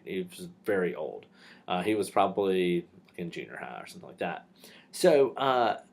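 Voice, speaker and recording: A man's voice: lowish voice, gravelly. A male teacher casually telling a personal story for his class, with fillers and restarts.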